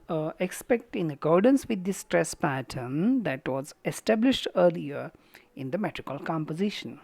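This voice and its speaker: A woman with an Indian English accent delivers a college lecture in a low, unhurried voice. She speaks deliberately, pausing often and restarting her phrases. The sound is close and dry. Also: creaky, a little mellow, no room sound. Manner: halting, deliberate, with fillers and restarts.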